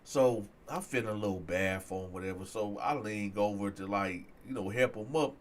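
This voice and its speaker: Animated man telling a street story. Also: lowish voice, normal speed, hardly any pauses. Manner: animated, acts out other people's voices in quotes. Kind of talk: casual storytelling.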